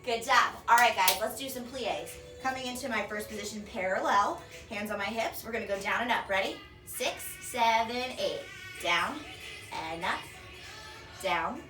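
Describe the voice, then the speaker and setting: Heard from far off through a camera across an echoey room, with music in the background, a young woman runs a kids' dance class warm-up at home. She speaks at a normal speed in a slightly high voice, staying bright and encouraging as she counts out the beats.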